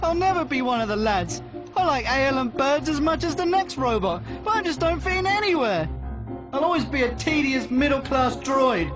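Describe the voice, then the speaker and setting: Brief: a self-pitying middle-class British robot man, high and mopey, over music. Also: expressive, normal speed. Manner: mopey, sarcastic, anxious.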